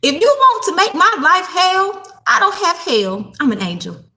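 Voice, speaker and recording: A woman in her thirties reads tarot cards in a casual spiritual vlog, blunt, defiant and full of swearing. Her voice sits high and swings widely in pitch. It sounds bright and sharp, and it echoes around the room she records in. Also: sing-song, moderate pace. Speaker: tarot card reader.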